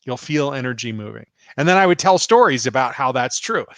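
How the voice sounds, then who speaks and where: A man's voice: mid-range voice, brisk, dry recording. A man, a spiritual teacher and healer from the United States, answering viewer questions on a live stream and telling stories with frequent laughter. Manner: laughs often, animated retelling.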